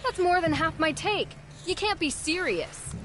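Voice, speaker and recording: An actress playing a tired, exasperated potion merchant in a video game, talking in an everyday, put-upon way. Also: female voice, extremely high pitch, lively intonation, unhurried, noisy background. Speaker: shopkeeper.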